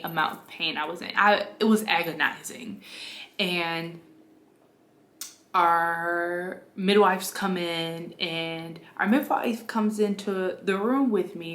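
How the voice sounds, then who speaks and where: A young woman, casually telling her own story to the camera and acting out her past cries in a high voice. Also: a bit bright, reverberant. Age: young adult.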